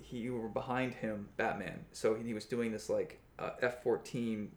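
A man's voice: fairly low pitch, fairly even intonation, normal speed, a little mellow. A man co-hosting a casual chat about a cartoon, enthusiastic and easygoing with frequent fillers. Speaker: podcast co-host.

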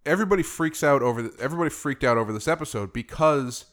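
A man's voice: mid-range voice, very fast, a bit bright. A man co-hosting a podcast, talking through a TV show in a thoughtful, rambling way. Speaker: podcast co-host. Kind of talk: casual TV discussion.

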